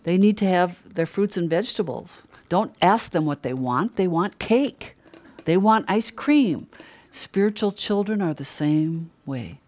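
A woman's voice: fairly low pitch, lively intonation, unhurried, a little mellow. Older woman preaching in a chatty way. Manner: chatty, rhetorical questions, frequent laughs. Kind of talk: conversational sermon.

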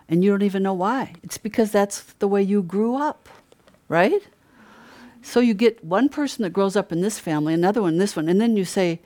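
A woman's voice: on the low side, a little mellow. An older woman preaching a conversational sermon, chatty, asking rhetorical questions and laughing often.

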